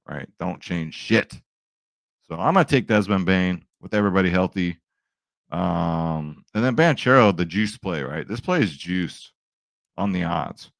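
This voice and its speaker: A young man talks through his betting picks in a chatty, upbeat way, often tossing in a quick check-in with his viewers. His voice sits a little low. The sound is dry and close, with no room around it. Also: vocal fry, no echo. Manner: chatty, upbeat, says "right?" and "guys" a lot. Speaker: sports betting picks host. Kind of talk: casual picks video talk.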